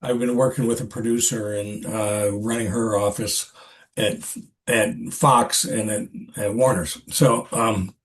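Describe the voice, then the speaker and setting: An older man, an actor, telling a story in a casual interview with a halting, rambling manner and many restarts. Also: on the low side, steady tone. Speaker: actor, podcast guest.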